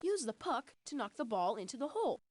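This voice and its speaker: A woman voicing an instructional voice-over in a puzzle video game, speaking in a clear, instructive way. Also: on the high side, very animated, a little fast. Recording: game audio with music underneath.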